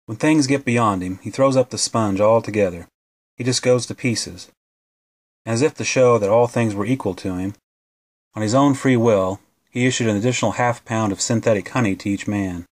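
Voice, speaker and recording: Low-voiced man reading a novel. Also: normal speed. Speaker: audiobook narrator.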